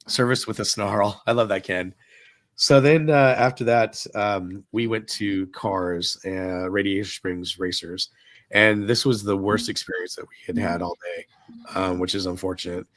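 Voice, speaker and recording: A middle-aged man with a fairly low voice tells a long story on a live podcast in a casual way. He acts out each exchange, and his voice jumps up whenever he quotes someone. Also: moderate pace, dry recording. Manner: animated retelling, acting out dialogue. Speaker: podcast co-host telling a park story.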